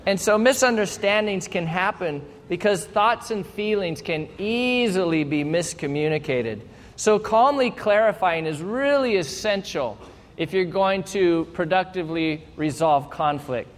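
A man preaching a sermon as pastor, calm and teacherly, leading his congregation to read verses aloud. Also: high-pitched, unhurried. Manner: calm, teacherly, leads the crowd in reading aloud. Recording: long hall reverb.

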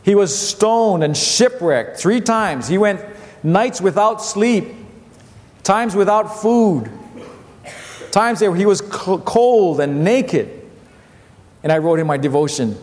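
A male pastor in his fifties delivers a lively sermon, repeating his key phrases and slipping into his family's voices. His voice sits high for a man. A long hall reverb trails each phrase. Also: slow, pauses often. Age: 50s.

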